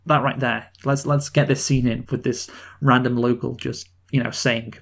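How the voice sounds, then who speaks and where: A man's voice: medium pitch, level tone, creaky. Man, casual film review co-host, rambling delivery with frequent restarts. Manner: rambling, many restarts, quick laughs. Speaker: podcast co-host.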